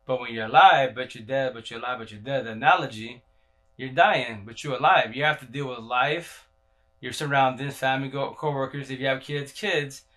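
A man's voice: mid-range voice, brisk, sharp tone. Rambling, slangy man talking on a live stream. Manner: repeats himself and restarts often. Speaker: livestreamer. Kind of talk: casual livestream talk.

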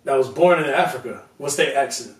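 A man's voice: medium pitch, fairly quick, echoey room, distant mic. A man co-hosting a podcast, chatting casually and teasing his partner in loose slang. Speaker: podcast co-host. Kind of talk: casual banter.

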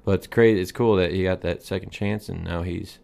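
A man's voice: low voice, fairly even intonation, a little fast, vocal fry, a little mellow. A young man co-hosting a podcast, telling rambling stories and laughing at his own jokes. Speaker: podcast co-host. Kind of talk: casual chat.

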